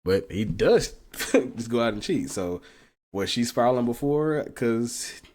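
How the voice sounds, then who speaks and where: A man's voice: medium pitch, lively intonation, unhurried, a little mellow. A man hosting a casual reaction commentary, talking bluntly with profanity and frequent laughs. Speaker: commentary channel host.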